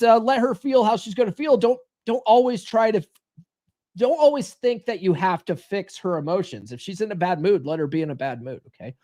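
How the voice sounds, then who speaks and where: Blunt higher-pitched male advice host. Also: darkish tone. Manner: blunt, coaching, acts out quoted lines. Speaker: podcast host. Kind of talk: live-stream advice talk.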